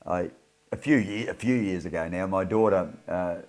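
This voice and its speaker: A man's voice: low voice, moderate pace, darkish tone, faint music behind. A middle-aged Australian man giving a casual motivational talk, enthusiastic and repetitive, rambling as he tells stories. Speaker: motivational speaker.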